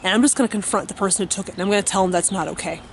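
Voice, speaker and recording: A woman's voice: mid-range voice, very fast, a little hiss or hum. Blunt, foul-mouthed woman vlogging at home. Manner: blunt and profane, many fillers. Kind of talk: casual storytelling to camera.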